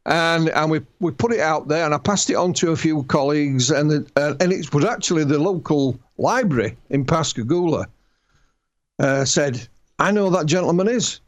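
A man's voice: a little high, normal speed. Yorkshire man telling a story. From Yorkshire, England. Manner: storytelling, repeats and restarts words. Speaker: author and guest. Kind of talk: interview conversation.

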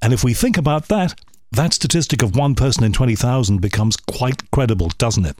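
Male host, chatty and animated with sudden pitch jumps, dry close sound. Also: brisk, dry recording. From United Kingdom. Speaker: radio interviewer. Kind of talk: conversational interview.

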